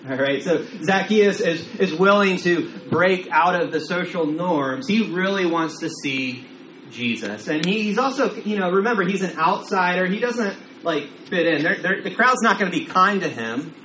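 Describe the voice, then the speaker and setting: A man's voice: sits high, expressive, normal speed, sharp tone. A man preaching a casual sermon as pastor, talking conversationally with frequent repeated words and acted-out quotes. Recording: roomy echo, faint room noise.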